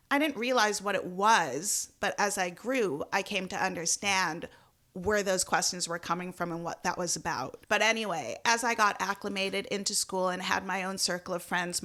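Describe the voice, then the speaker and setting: A woman's voice: medium pitch, bright, forceful tone. A middle-aged woman from Jamaica co-hosting a podcast, telling family stories in an earnest, reflective way. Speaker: podcast co-host. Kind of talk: casual podcast chat.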